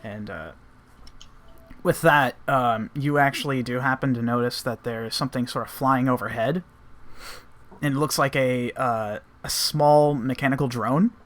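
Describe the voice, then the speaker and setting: A man narrating as game master, relaxed with many fillers, voicing characters along the way. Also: mid-range voice, normal speed.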